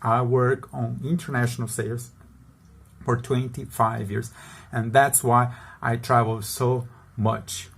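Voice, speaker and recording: A man's voice: medium pitch, flat delivery, takes it slowly, gravelly, fairly bright tone, breathy edge. Chatty middle-aged man telling travel stories. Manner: chatty, keeps checking in with the listener, laughs between points. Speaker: international salesman sharing travel stories. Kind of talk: casual storytelling monologue.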